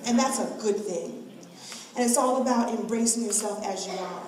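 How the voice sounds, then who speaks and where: A middle-aged woman speaking to an event crowd, telling a personal story in an animated way and acting out the voices she quotes. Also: medium pitch, normal speed. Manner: expressive, acts out quoted voices, laughs often. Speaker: guest speaker at a hair event. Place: large event room. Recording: echoey hall from far off.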